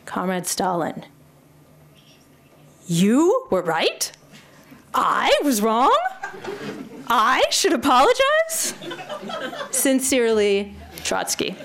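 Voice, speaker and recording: A woman's voice: on the high side, wildly swooping pitch, drawn-out words, pauses often, a bit bright, exaggerated voice. A woman voicing a sly old Jewish man in a told joke, turning each phrase into a rising, mocking question. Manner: sing-song rising question intonation.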